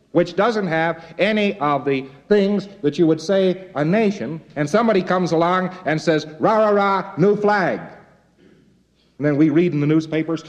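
A man from the United States giving a lecture in a folksy, wry way with jokey asides. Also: sits high.

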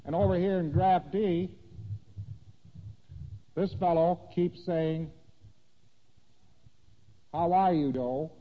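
A man's voice: high voice, takes it slowly, long pauses. Lecturing man in a dull echoing hall. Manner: conversational, animated, asking "see that?". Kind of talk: lecture explaining diagrams. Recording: dull lo-fi recording in a reverberant hall.

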